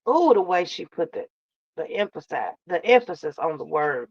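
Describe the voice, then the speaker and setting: A woman's voice: mid-range voice, animated, normal speed, dry recording, muffled recording. A woman hosting a casual live reaction stream, drawling and sassy, calling her chat baby and love. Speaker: reaction channel host.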